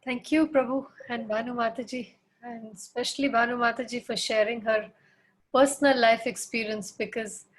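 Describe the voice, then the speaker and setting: A woman's voice: a little high, steady tone, normal speed, rough recording. A woman moderating an online class, politely thanking the speakers with hesitant fillers.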